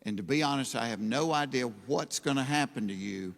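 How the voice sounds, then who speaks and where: A man doing stand-up, telling a drawling, deadpan story on stage and punching up the loud punchlines. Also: mid-range voice, brisk, gravelly. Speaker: stand-up comedian. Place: stage in a large hall. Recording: hall reverb.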